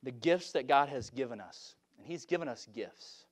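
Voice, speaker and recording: A middle-aged man preaching an impassioned revival sermon in a church, swinging from shouts down to hushed, repeated phrases. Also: medium pitch, animated, normal speed. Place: church sanctuary.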